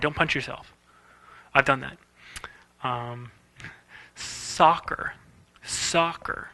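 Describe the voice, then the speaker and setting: A man's voice: on the high side, bright, forceful tone. A man giving a casual, playful animation lecture, demonstrating words aloud as he teaches. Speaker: animation instructor. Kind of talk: recorded lecture.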